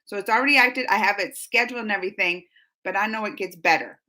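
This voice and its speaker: A woman hosting a live-stream chat, reading viewer comments aloud and answering them in a lively, talkative way with frequent laughter. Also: medium pitch, fast. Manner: animated and chatty, laughs often, gasps. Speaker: reaction channel host.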